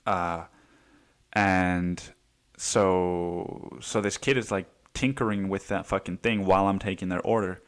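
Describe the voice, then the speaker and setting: In a heated, swear-filled podcast monologue, the host tells a story casually and keeps saying "dude." He speaks at a measured pace with a low pitch and fairly even intonation.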